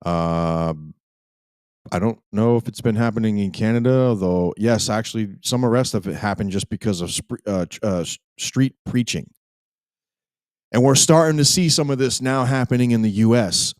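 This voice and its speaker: A man's voice: fairly low pitch, moderate pace, darkish tone, no room sound. A man hosting a live podcast, rambling and emphatic, with frequent restarts. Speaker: podcast host.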